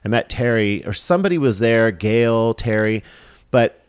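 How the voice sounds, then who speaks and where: A podcast guest, a film director and assistant director, speaks at medium pitch and a moderate pace in a clear, resonant tone. Telling stories casually, he grows animated, performs the quoted lines, and laughs as he goes.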